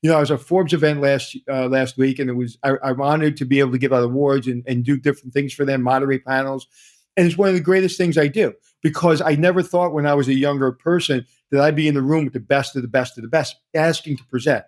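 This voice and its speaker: A man's voice: mid-range voice, fast talker. A middle-aged man, a hotel consultant telling stories energetically in an interview, repeating himself as he talks. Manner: energetic storyteller, repeats himself, quotes others. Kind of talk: conversational interview.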